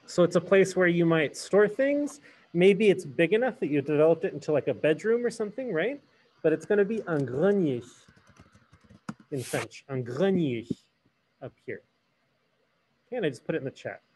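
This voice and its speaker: Man, French teacher, classroom lesson, mixes English and French, slightly high voice, quizzes the class. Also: animated, moderate pace, a little mellow, a little hiss or hum. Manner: switches between English and French, asks the class questions.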